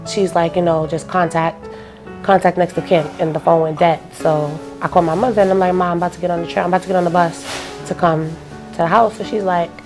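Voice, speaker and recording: A young woman tells a personal story to an interviewer in a loose, casual way, full of fillers, acting out each phone call she recounts. Her voice sits low and stays flat, with little rise or fall. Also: quick pace, over music. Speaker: interview guest.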